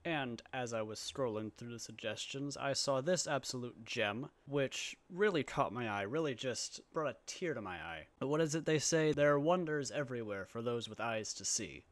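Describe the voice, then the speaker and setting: A man's voice: mid-range voice, animated, normal speed, few pauses, no room sound. Sarcastic man doing comedic voice-over. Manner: sarcastic, mock-grand asides. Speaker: commentary YouTuber.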